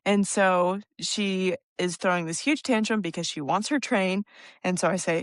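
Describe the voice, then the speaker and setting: A woman's voice: on the low side, fairly even intonation, normal speed, no echo, studio quality. A young woman co-hosting a podcast, telling a long family story in a chatty way and laughing often. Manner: chatty, laughs often, tells stories at length. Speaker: podcast co-host. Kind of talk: casual chat, storytelling.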